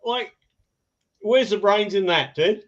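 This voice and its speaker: Rambling Aussie podcast host, dull audio. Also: male voice, high voice, takes it slowly. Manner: rambling, laughs often, stumbling restarts. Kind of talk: casual podcast chat.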